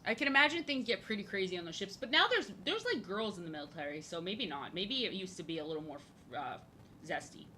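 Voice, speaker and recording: A woman's voice: mid-range voice, sharp tone, a little hiss or hum. A woman streaming as she draws, chatting casually in a rambling, jokey way and repeating her phrases. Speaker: live-streaming artist. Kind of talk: casual chat while drawing on stream.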